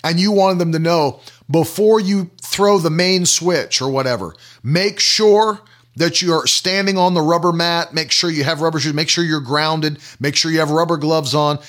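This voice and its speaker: A man's voice: on the high side, a bit bright. A man preaching a sermon, teaching through questions and everyday examples and repeating key phrases for emphasis.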